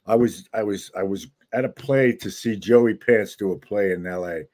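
Husky man in his seventies, low voice, relaxed storyteller, interview guest. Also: moderate pace. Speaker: guest actor. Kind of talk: casual chat.

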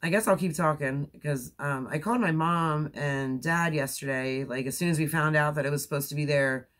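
A woman's voice: low-pitched, normal speed, fairly bright tone. Chatty tired woman in her forties. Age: 40s. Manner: rambling, chatty, laughs often, many fillers. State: tired from staying up all night. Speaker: crochet vlogger. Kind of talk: casual chat.

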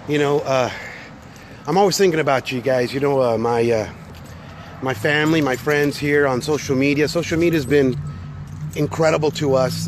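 A man's voice: medium pitch, background noise. A middle-aged man, out of breath after a workout, talking bluntly and energetically from his car into a phone on a live stream, with lots of fillers. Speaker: motivational business speaker. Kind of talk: casual live-stream talk.

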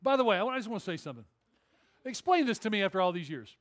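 A male pastor preaching a sermon in a church, telling a story in an animated, conversational way with jokes. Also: sits high, racing. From Detroit area. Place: church auditorium.

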